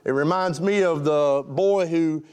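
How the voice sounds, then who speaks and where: A man's voice: fairly high pitch, a little slow, a little mellow, smooth. Folksy, joking male pastor. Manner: folksy, joking, chuckling with the crowd. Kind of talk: sermon.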